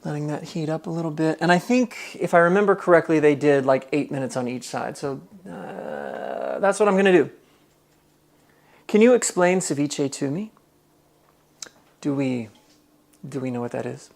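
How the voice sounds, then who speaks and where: A man's voice: fairly high pitch, moderate pace, creaky. Chatty man hosting a cooking stream. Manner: chatty, reads chat aloud, thinks out loud. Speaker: live-stream cooking host. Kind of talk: casual live-stream chat while cooking. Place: home kitchen.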